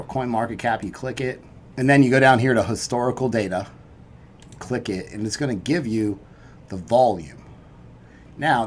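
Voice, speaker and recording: A man's voice: mid-range voice, a little hiss or hum. A man hosting a crypto trading video, walking through price charts in a chatty, upbeat, casual way. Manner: chatty and upbeat, peppered with "right?" and "you know".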